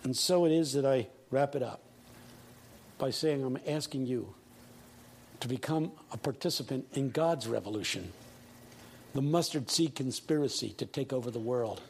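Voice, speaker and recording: An eighty-year-old man preaching a sermon in a large church, telling stories with humor and building to shouted peaks. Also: medium pitch, normal speed, long pauses, a little hiss or hum. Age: 80s. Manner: rising to shouted call-and-response peaks.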